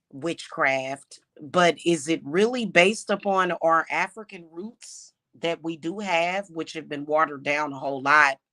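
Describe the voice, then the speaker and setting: A woman's voice: fairly low pitch, fairly bright tone. A woman who practices witchcraft and hosts her own channel, talking in an emphatic, indignant unscripted monologue full of restarts and repeated words.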